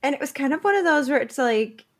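A woman chatting casually on a podcast, soft-spoken and giggly. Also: sits high, expressive, quick pace. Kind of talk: casual chat.

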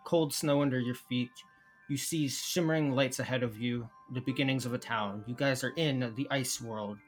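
A man runs a tabletop game as game master, talking in a chatty, rambling way and often restarting his sentences. His voice sits at a middle pitch. Faint music plays underneath. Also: steady tone, normal speed.

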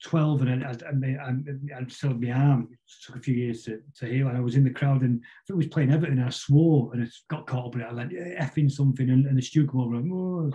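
A man's voice: medium pitch, fairly even intonation, quick pace, few pauses, warm tone, lo-fi sound. A middle-aged man, a podcast guest telling long stories that ramble along with frequent restarts and repeated words. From Salford, England. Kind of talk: casual storytelling interview.

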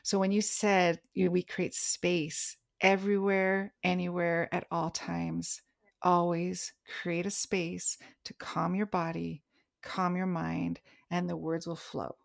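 A woman co-hosting a podcast in casual chat, telling stories animatedly and slowing down to stress key words. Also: fairly low pitch, creaky. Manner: animated storytelling, slows down for emphasis. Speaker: podcast co-host.

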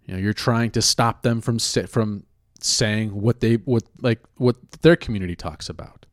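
A man's voice: on the low side, normal speed, no room sound, clean studio sound. A man ranting in a casual way, blunt and profane, stopping now and then to question himself. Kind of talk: casual rant.

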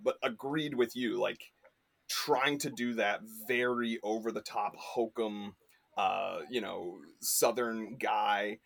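A man's voice: on the low side, vocal fry, fairly bright tone, husky. A man chatting as a podcast guest, rambling with lots of fillers and restarts. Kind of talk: casual chat.

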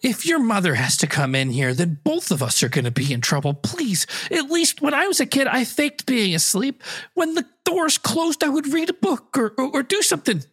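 A man's voice: very high-pitched, sing-song, normal speed, hardly any pauses, a bit bright, slightly rough, exaggerated voice. A man improvising a nervous dad who stammers while checking his daughter's closet. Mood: pleading. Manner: stammering, flustered. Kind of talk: improv comedy.

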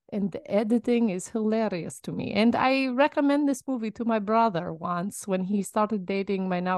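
A woman putting on an over-the-top fake Russian accent in a comedy podcast bit, slow and deliberate. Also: medium pitch, dry recording, natural voice. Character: woman faking a thick Russian accent, playing a dictator.

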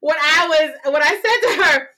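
A young adult woman co-hosting a casual podcast chat, blunt and animated as she tells stories. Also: sits high, normal speed. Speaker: podcast co-host.

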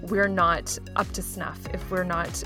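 A woman co-hosting a podcast in casual chat, responsive and quick to laugh, with frequent affirming murmurs. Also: lowish voice, little pitch movement, music in the background. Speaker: podcast co-host.

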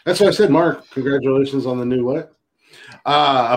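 A middle-aged man co-hosting a loose, casual podcast, with a voice of ordinary middle pitch. He talks in a boastful, joking way, swears freely and laughs often. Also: normal speed. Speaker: podcast co-host.

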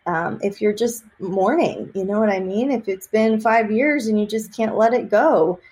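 A woman from Texas, a psychic medium, chatting in an interview and telling lively stories with many fillers and laughs. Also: medium pitch, moderate pace. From Austin, Texas. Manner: animated storyteller, laughs often, many fillers. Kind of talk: casual interview chat.

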